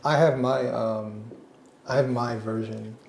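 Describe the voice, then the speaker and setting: A man hosting a casual interview over lunch at someone's home, relaxed, laughing along and answering with short agreements. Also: medium pitch, slow, gravelly, a little hiss or hum. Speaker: host. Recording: echoey room.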